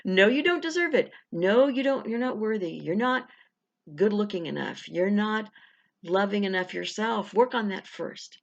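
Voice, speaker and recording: A woman voicing a small puppet-like inner critic that scolds and belittles in a high, nagging tone. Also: expressive, moderate pace, creaky. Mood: scolding. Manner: scolding, dismissive. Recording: dull lo-fi recording.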